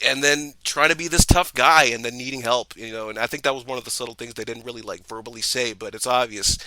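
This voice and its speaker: An excited man co-hosting a movie podcast, rambling through his thoughts with many restarts. His voice is bright and forceful. The sound is dry and close. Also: on the low side, dry recording, poor audio. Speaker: podcast co-host. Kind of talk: casual movie review chat.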